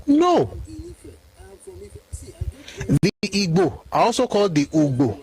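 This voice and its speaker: A man with a Nigerian Yoruba accent delivers a heated solo monologue, his voice pitched somewhat high. He sounds indignant and combative, often circling back to repeat his points. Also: huge pitch swings, slow pace, a little mellow, rough recording. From Ife, Nigeria. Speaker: commentator.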